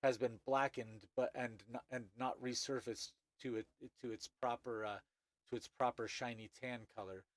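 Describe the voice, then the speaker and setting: A man narrating as game master, halting with many restarts. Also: mid-range voice, fairly even intonation, no room sound.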